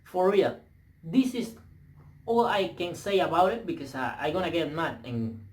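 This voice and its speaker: A young man with a Spanish accent rants straight into a camera mic, English clearly not his first language. He is profane and emphatic, stumbling into restarts as he pushes his point. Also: fairly high pitch, normal speed. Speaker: vlogger. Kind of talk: heated rant to camera.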